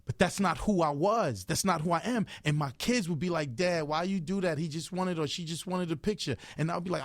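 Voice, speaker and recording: High-voiced emphatic man telling stories. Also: brisk, few pauses, dry recording, studio quality. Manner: emphatic, storytelling, repeats phrases for emphasis. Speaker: interview guest, record executive. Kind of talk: animated radio interview talk. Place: radio studio. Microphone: studio microphone.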